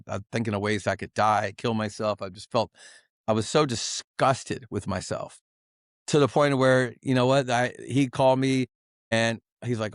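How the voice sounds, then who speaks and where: A man's voice: mid-range voice, fairly even intonation, normal speed, dry recording, clean studio sound. A man guest on a podcast giving an emotional, earnest personal testimony, often restarting and repeating himself.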